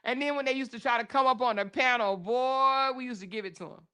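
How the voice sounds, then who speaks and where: A woman hosting a casual livestream, reading viewer comments aloud, laughing often and talking loud and profane. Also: fairly high pitch, fast, clean tone. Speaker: livestream host.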